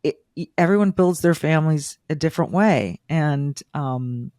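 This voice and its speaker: A woman's voice: deep voice, normal speed, a little mellow, no echo, clean studio sound. A middle-aged woman hosting a podcast interview, emotional and rambling, with many restarts. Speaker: podcast host.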